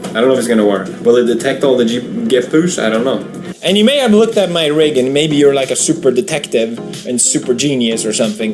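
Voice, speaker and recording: A man hosting a gameplay video, talking casually and animatedly, ranting with exasperation and laughing at himself. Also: medium pitch. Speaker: gaming video host. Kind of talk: casual commentary over gameplay.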